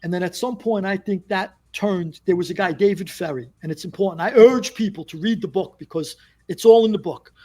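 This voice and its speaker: A man with a fairly high voice tells a story as a podcast guest. He is animated and acts out the quotes as he goes. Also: brisk. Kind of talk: casual storytelling.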